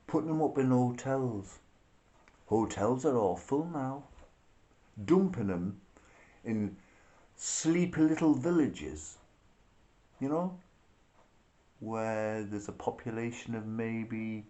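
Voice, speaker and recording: Slow, animated man ranting. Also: lowish voice. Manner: profane, sarcastic, laughs between remarks. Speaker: political vlogger. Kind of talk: ranting monologue.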